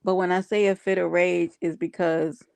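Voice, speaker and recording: A woman's voice: on the low side, little pitch movement, normal speed, creaky, a little mellow, clear, resonant tone, no room sound. A woman hosting a casual livestream, chatting with viewers and reading their comments aloud. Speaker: livestream host.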